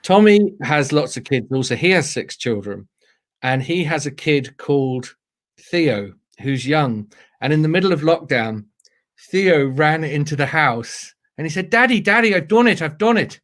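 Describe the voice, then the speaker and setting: A British man, a storyteller, telling funny anecdotes in a playful, animated way during a casual interview. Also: fairly high pitch, measured pace. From Britain. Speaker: storyteller guest.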